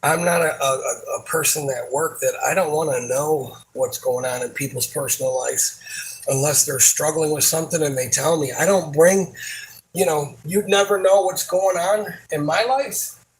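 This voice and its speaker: A man's voice: a little high, low-quality recording. Frustrated man venting, rambling. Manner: frustrated, rambling, swears a lot; halting, many fillers and restarts. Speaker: supermarket worker. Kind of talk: casual venting monologue.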